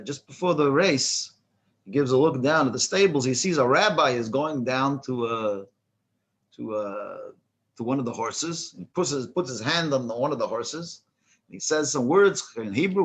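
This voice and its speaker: A man who is a rabbi teaching a class, telling a joke and then explaining a prayer with many restarts. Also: medium pitch. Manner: halting, many restarts and fillers, chuckles at his own joke. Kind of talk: storytelling then lecture.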